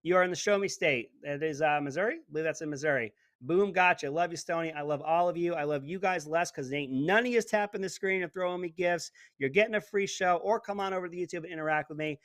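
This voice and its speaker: A middle-aged man hosting a casual live stream from his home studio, talking to viewers in the chat and turning sarcastic, with sudden swings between loud and quiet. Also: a little high, fast talker, few pauses, dry recording. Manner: animated, talks to viewers in the chat. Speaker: livestream host.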